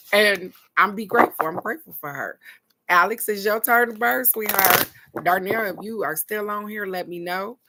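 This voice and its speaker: A woman's voice: medium pitch, moderate pace, heavy background noise. A woman hosting a casual live oracle card reading, chatting with viewers, laughing often and reading each card's text aloud.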